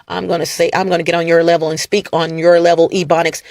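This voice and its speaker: A woman vlogger talking straight to her viewers in a casual rant, mocking and animated, laughing and repeating lines for emphasis. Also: fairly low pitch, fast talker, no echo, studio quality. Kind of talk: casual ranting monologue to camera.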